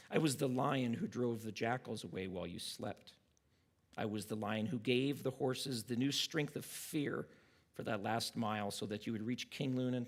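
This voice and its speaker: A man voicing a wise, solemn great male lion in a hushed, slow reading. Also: medium pitch, gravelly.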